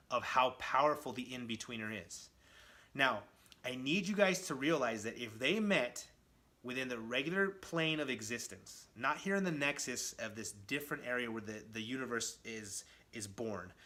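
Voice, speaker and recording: Bright, eager man retelling comics. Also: mid-range voice. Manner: enthusiastic, addresses viewers directly. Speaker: comic book vlogger. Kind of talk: casual comic book retelling.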